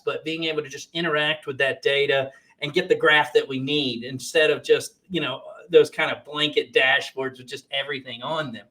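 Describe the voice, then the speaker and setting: A man's voice: a little high, sharp tone. A man hosting a casual conversation, often hesitating and restarting his sentences with fillers.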